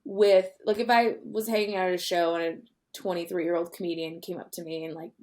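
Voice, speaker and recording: A woman comedian guesting on a podcast in casual chat, earnest and halting with restarts. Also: lowish voice, fairly even intonation, a little mellow.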